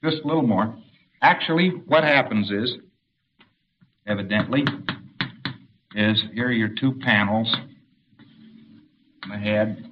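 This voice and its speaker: A man's voice: fairly low pitch, unhurried, pauses often, dull audio, slight background noise. A man giving an explanatory spoken lecture and pointing to a diagram. He now and then acts out short spoken commands.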